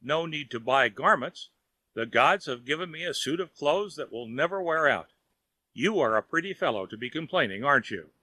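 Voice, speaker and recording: A man voicing a wise male fairy who scolds and teases gently, in a children's audiobook. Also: a little high, animated, moderate pace, no room sound. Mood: teasing. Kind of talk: audiobook character voice.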